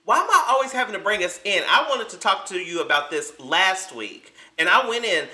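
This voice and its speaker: Sassy podcast guy teasing his cohost, super bright voice, kinda roomy sound. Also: high voice, animated, brisk. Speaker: podcast co-host. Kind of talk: casual chat.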